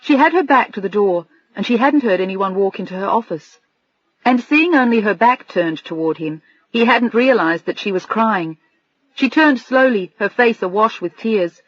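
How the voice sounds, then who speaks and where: A woman reading a novel aloud as an audiobook narrator, measured and even in her storytelling. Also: mid-range voice, dry recording. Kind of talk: scripted narration. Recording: dry, slightly dull studio recording.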